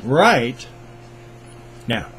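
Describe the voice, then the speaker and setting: A man's voice: medium pitch, very animated, very slow, a bit bright, a little hiss or hum, rough recording. An older American man hosting his reaction video, rambling in a folksy, self-deprecating, chatty way. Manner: folksy, self-deprecating, talkative, mock-sing-song bits. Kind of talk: rambling casual vlog intro.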